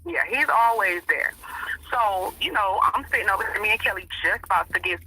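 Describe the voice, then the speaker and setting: A woman's voice: mid-range voice, expressive, a little fast, pushed and bright, breathy edge, low-quality recording. A woman being interviewed, telling a story in casual, emphatic, profane talk and acting out what other people said. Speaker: interview guest.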